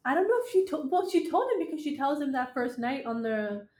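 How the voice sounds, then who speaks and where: Young woman, co-host, bright higher voice, casual plot recap, echoey room. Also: very animated, brisk. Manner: casual, retells the plot with many fillers. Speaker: podcast co-host. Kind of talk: casual book chat.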